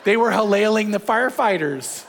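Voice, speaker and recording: An older man, a pastor and grandfather, preaching a sermon with animated storytelling and acted-out quotes. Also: high-pitched, moderate pace, a little hiss or hum. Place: church hall with long reverb. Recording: reverberant hall.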